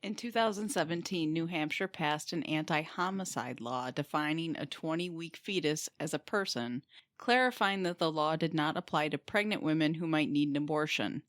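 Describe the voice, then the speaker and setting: A woman's voice: low-pitched, normal speed, a bit bright, no echo, studio quality. A woman co-hosting a casual podcast, reading out odd laws matter-of-factly. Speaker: podcast co-host. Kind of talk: casual group chat.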